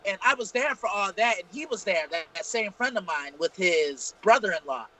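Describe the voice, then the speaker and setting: A man's voice: sits high, animated, normal speed, pushed and bright, low-quality recording. A man co-hosting a casual live-streamed talk show, telling profane, rambling stories. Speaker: podcast co-host. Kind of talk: casual storytelling chat.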